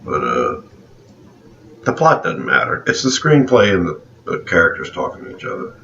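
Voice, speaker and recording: A man from South Louisiana co-hosting a casual movie chat, relaxed and opinionated, chuckling often. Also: low voice, normal speed, gravelly. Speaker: co-host of a movie review show. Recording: roomy, distant, dull, faint background hiss.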